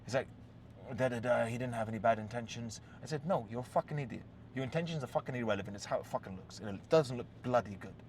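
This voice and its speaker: A man's voice: medium pitch, quick pace, darkish tone, a little hiss or hum. A man hosting a relationship-advice talk, telling a story in a blunt, profane, casual way and often checking in with "yes?" and "right?".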